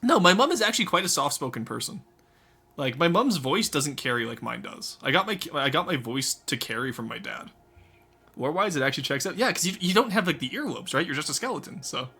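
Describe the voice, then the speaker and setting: A man's voice: fairly high pitch, a little fast, husky. A young man chatting with his stream viewers, laughing often. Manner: animated, laughs often, talks to chat. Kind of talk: casual live-stream chat.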